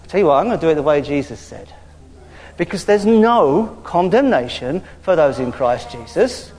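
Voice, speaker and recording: A man preaching a conversational sermon, lively and informal, punctuated with hallelujahs. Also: on the high side, moderate pace. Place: church hall. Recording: hall reverb.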